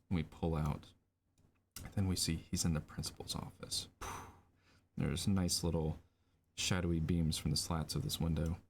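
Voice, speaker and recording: Low, gravelly man narrating a storyboard. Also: a little hiss or hum. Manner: lively, rambling scene narration with fillers. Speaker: storyboard artist streaming a lesson. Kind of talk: improvised livestream narration.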